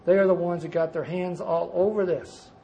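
An older man giving a personal recovery testimony at a conference, telling his story emphatically, jumping from loud bursts to quiet asides. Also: sits high, fairly even intonation, normal speed, gravelly, a little hiss or hum, rough recording. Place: conference gathering before a live audience.

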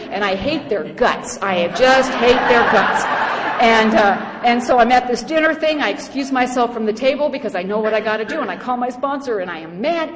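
A middle-aged woman giving a personal testimony at a recovery meeting. She tells it in an animated, humorous way and acts out other voices. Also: on the high side. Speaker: speaker sharing her story at a recovery meeting. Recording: echoey hall with faint background noise.

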